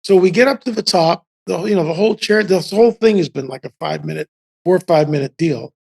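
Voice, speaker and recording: Older man telling rambling, animated stories. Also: high-pitched, quick pace, creaky, husky. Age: 70s. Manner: animated, rambling anecdotes with restarts. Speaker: podcast guest. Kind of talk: casual storytelling.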